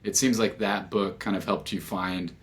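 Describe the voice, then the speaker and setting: Flat, deep-voiced male podcast host. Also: moderate pace. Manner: reflective, searching for words. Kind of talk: casual interview talk.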